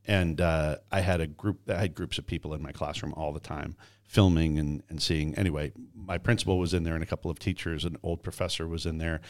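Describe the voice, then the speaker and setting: Deep-voiced male podcast host storytelling. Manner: animated storyteller, acts out quoted voices. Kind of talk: conversational interview storytelling.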